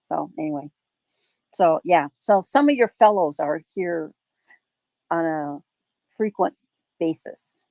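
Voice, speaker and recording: A woman hosting a live audio space, talking in a rambling, thoughtful way with many pauses and fillers. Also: sits low, lively intonation, a little mellow, no echo. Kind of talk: casual chat.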